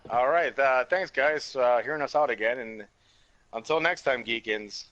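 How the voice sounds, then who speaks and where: Soft-spoken man over a dull call line. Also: mid-range voice, moderate pace, no room sound. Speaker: podcast guest. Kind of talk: casual podcast chat.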